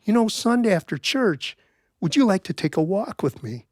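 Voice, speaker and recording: A storyteller voicing an earnest, lovestruck young cowboy who talks plain and stubborn. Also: male voice, sits high, sing-song, normal speed, no echo, clean studio sound.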